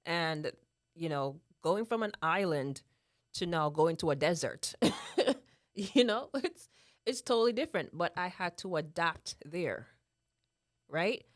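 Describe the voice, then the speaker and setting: Her fairly low voice moves with lively intonation, slow and broken by long pauses, as this Jamaican woman in her thirties talks earnestly as a guest in casual conversation. She has a Jamaican accent, repeats herself, laughs a lot, and keeps adding "right?". The studio-quality recording has no echo.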